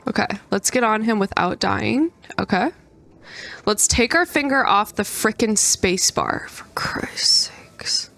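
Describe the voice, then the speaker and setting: A young adult woman giving gameplay commentary, excitable and prone to squealing outbursts. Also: medium pitch, a little slow. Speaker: gaming creator.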